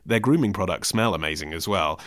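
A man hosting a podcast with a lowish voice and dry, self-deprecating wit. He is close on the mic in a dead, dry studio. His talk is chatty and easygoing. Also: expressive, a little fast, a bit bright, no room sound. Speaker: podcast host. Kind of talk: casual podcast monologue with host-read ads.

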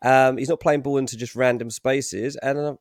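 A man co-hosting a football podcast as transfer pundit, analytical and hesitant, with many pauses and restarts. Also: medium pitch, steady tone, dry recording, studio quality. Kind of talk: casual football podcast chat.

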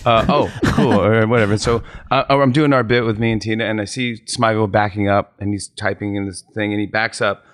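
A man chatting casually and telling animated comedy anecdotes with lots of restarts. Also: lowish voice, brisk, hardly any pauses, clean tone, dry recording. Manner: animated storyteller, slips into voices. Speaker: comedian guest.

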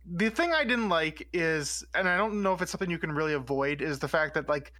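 Bright-voiced man in playful chat. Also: a little high, animated, fairly quick, no room sound. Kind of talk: casual chat.

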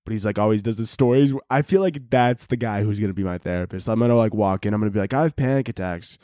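A man's voice: fairly low pitch, quick pace, dark tone, no room sound, clean studio sound. A young man hosting a comedy podcast, rambling casually with lots of filler and acting out little scenes. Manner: rambling, heavy on filler, acts out bits in quoted voices. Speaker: podcast host.

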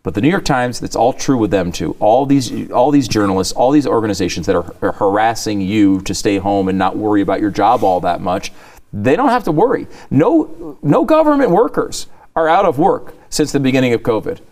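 A lower-pitched man co-hosting a casual talk show discussion. He builds an earnest, opinionated argument. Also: big pitch swings, a little fast, darkish tone. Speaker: co-host.

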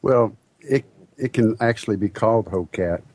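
A man being interviewed as a company owner on a talk show, relaxed with some fillers. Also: on the low side, moderate pace. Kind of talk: casual interview. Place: studio.

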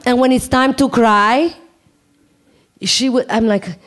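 Animated woman telling a story. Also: fairly high pitch, takes it slowly, a faint crowd, a little hiss or hum. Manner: animated, laughing, acts out quoted dialogue. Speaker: guest answering questions. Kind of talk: casual storytelling and Q&A.

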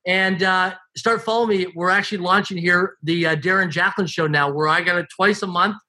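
A man speaking as an interview guest, telling stories about his life in an animated, emphatic way. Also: high-pitched, a little fast. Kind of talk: casual storytelling.

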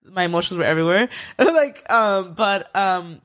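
A woman's voice: lowish voice, moderate pace. A young woman co-hosting a podcast, telling a story in casual chat with lots of fillers and cursing. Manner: animated storytelling, swears freely, lots of fillers. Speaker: podcast co-host.

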